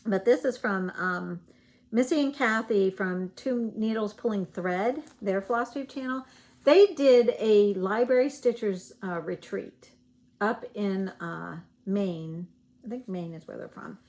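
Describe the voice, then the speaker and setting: A woman takes it slowly, her medium-pitched voice darkish in tone, with a Southern US accent from Virginia. As a cross-stitch vlogger, she casually shows off stitching goodies, rambling with fillers and self-corrections.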